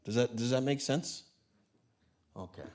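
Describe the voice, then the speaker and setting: A man gives a relaxed conference talk into a handheld mic, his pitch in an ordinary middle range. He explains things casually and keeps checking in with tag questions. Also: measured pace. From Canada. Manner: conversational, many tag questions. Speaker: conference speaker. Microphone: handheld mic, hot gain.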